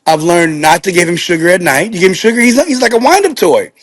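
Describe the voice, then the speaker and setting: Animated middle-aged man telling stories. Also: high voice, quick pace, slight background noise. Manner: animated storyteller acting out quotes. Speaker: guest. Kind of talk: casual anecdote telling.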